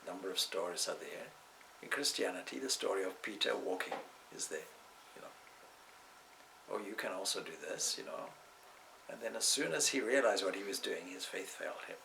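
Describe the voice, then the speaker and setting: A man's voice: sits low, lively intonation, brisk, gravelly, bright, forceful tone, slight background noise, poor audio. A man, a swami, giving a spiritual talk indoors in a discursive way, weaving in stories and side remarks. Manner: discursive, with asides and restarts.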